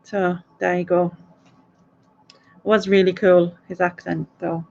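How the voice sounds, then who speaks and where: A woman's voice: fairly low pitch, flat delivery, unhurried, vocal fry, dark tone, muffled recording. A woman hosting a quiz stream, chatting in a rambling way and laughing often. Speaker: quiz host. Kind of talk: casual live stream chat.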